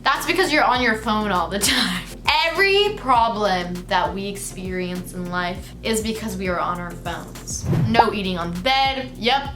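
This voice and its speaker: A young woman vlogging a comedy monologue, chatty and animated, acting out her parents' lines in a raised voice. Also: mid-range voice, a little slow, hardly any pauses, roomy sound, soft background music. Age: young adult.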